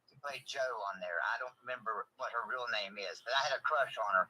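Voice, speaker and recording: A man in his sixties calls in and chats casually in a soft, hesitant way. His voice is mid-pitched with a bright edge. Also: fast, a little hiss or hum, rough recording. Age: 60s. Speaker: caller. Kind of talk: casual call-in chat.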